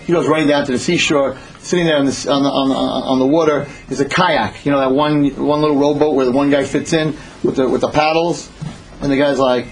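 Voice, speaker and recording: A man telling a parable in an animated sermon style, repeating phrases as he goes. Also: medium pitch, a little fast, a little hiss or hum, low-quality recording. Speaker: storyteller. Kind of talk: storytelling sermon.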